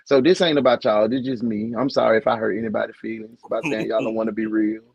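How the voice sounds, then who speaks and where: A man co-hosting a casual podcast, talking bluntly and profanely, jumping from loud outbursts to low mumbles. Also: steady tone, quick pace, vocal fry, breathy edge, no room sound, muffled recording. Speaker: podcast co-host. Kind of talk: candid casual podcast chat.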